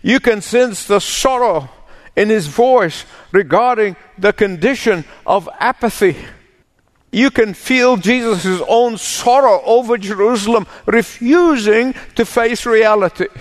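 In a big-room acoustic, a male pastor with a high-pitched voice preaches and reads scripture. He's emphatic, repeating phrases to give his points weight.

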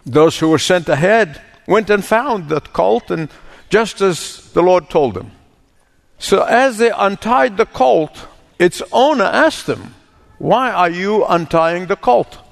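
Guy pastor preaching, kinda high pitched voice, slow and heavy, repeats stuff for emphasis. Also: very animated, creaky, big-room sound. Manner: emphatic, repeats phrases for weight. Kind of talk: sermon with scripture reading.

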